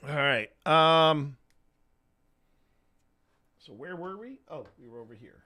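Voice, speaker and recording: A man hosting a live stream, chatting casually in a rambling way and often clearing his throat. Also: fairly high pitch, animated, slow pace, pushed and bright. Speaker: streamer and host. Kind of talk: casual live-stream chat while gaming.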